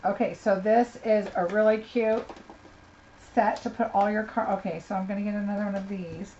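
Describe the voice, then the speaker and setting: A woman's voice: mid-range voice, fairly even intonation, moderate pace, warm tone. Gushing woman unboxing craft supplies. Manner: gushing, chatty, talks to viewers by name. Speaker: craft demonstrator. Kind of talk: live unboxing chat. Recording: slightly dull lo-fi sound, faint noise.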